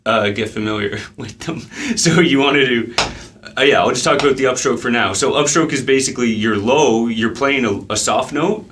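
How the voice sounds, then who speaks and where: A man gives a casual drum lesson and counts the beats aloud between his explanations. His voice sits at an average pitch. Steady noise from the practice room runs behind him. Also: normal speed. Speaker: drum teacher. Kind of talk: relaxed instructional talk.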